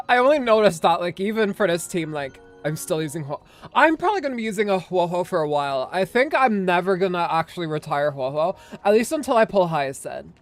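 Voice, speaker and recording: Excitable swearing woman streamer. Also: on the low side, fairly quick. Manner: excitable, swears, laughs often. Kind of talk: game stream commentary. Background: game music.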